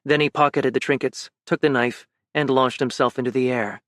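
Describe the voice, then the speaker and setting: A man reading fantasy fiction as an audiobook narrator, measured and even. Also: medium pitch, no room sound, studio quality.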